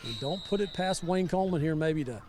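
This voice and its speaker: A man commentating a high school football game live from a rainy outdoor stadium, chatty and storytelling. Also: animated, a little fast, a little mellow. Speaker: sideline reporter and color commentator.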